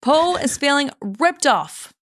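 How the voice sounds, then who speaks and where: A woman hosting a comedic true-crime podcast, telling the case with dramatic, lively storytelling. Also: sits high, takes it slowly.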